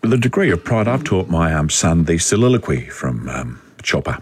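A man's voice: deep voice, very animated, normal speed, slightly rough, dry recording. A male newsreader bantering with the host in a playful, dry way. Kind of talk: casual studio banter.

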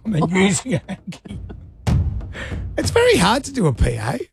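A man's voice: high voice, huge pitch swings, moderate pace, creaky. A man co-hosting a radio show, joking and teasing callers. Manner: joking, teasing, laughs often. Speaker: radio co-host. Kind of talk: casual radio banter.

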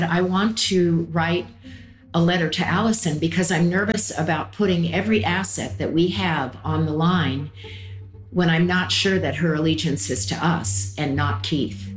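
A middle-aged woman recalls events plainly and earnestly in an interview. Her voice is low. The recording sounds roomy, with music clearly playing behind her. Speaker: interviewee, mother. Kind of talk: casual interview recollection.

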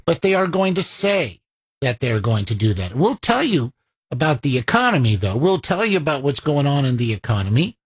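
A middle-aged man hosts a political radio talk show, wry and sardonic, often chuckling at his own points. His voice is somewhat husky, and his pitch rises and falls a great deal. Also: very animated, normal speed.

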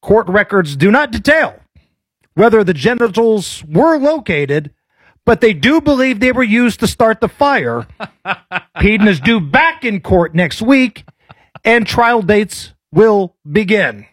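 A male radio host, talking in a high, bouncy voice that swings widely in pitch. He banters playfully and puts on a mock newscaster read now and then. His voice is a little husky, and the sound is dry and close. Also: very animated, slow pace, dry recording. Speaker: radio talk show host.

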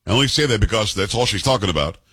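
A man's voice: fairly low pitch, animated, very fast, fairly bright tone, husky. A man in his fifties hosting a political commentary show, combative and sarcastic, firing off rhetorical questions. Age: 50s.

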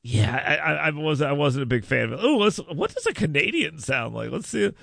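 A man's voice: a little high, sing-song, fairly quick, creaky, fairly bright tone, no echo. A man hosting a radio call-in show in a studio. He chats casually, rambles, repeats words and laughs often. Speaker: radio talk show host. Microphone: studio mic.

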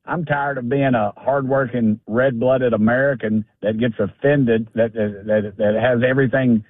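A man's voice: mid-range voice, fairly even intonation, normal speed, no room sound. Folksy man fuming down a phone line. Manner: blunt, folksy, heated, repeats himself. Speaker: congressman calling in. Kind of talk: fired-up political call-in. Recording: dry tinny phone line.

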